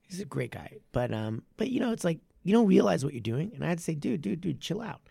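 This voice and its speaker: Male martial arts coach, chatty podcast guest, gravelly, lively, dry close mic. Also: a little high, fast talker, dry recording. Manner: animated, with many restarts and stressed phrases. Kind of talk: casual podcast conversation.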